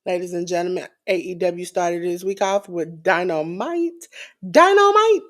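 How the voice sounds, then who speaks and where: A woman co-hosting a wrestling podcast in casual chat, animated and acting out quotes in different voices. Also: on the low side, moderate pace. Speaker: podcast co-host.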